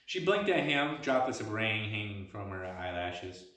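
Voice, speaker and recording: A man's voice: lowish voice, sing-song, normal speed, few pauses, fairly bright tone. A man reading a story aloud, with small stumbles and restarts. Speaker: reader. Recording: echoey room, mic at a distance.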